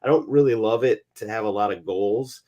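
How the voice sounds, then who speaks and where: A man with a fairly low voice, co-hosting a betting show in a loose, conversational way. He hedges and doubles up on words as he gets going. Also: fairly quick, mellow, muffled recording. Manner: chatty, hedging, repeats words when starting a thought. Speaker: sports betting co-host. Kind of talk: casual podcast chat.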